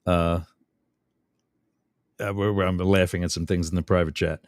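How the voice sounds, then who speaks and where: A man's voice: low voice, a little mellow, no room sound. A middle-aged man hosting a radio talk show, rambling and chatty, often interrupting himself with fillers.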